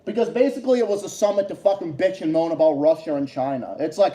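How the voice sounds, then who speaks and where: Male streamer, high voice with a dark, mellow tone, swears and repeats himself as he rants in an echoey room. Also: sing-song, fast, hardly any pauses. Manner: profane, repetitive, heated ranting. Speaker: livestream host. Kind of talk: heated political rant on a livestream.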